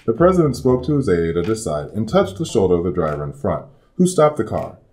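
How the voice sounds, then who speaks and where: A man's voice: fairly low pitch, very animated, brisk. A man reading a picture book aloud to children, giving each character a voice. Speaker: storybook reader. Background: soft guitar music.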